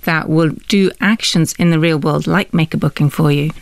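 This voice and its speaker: A middle-aged woman from Scotland, an AI researcher, calmly explaining her work as an interview guest. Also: sits low, moderate pace, vocal fry, dry recording. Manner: calm, explanatory. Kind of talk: measured interview answers.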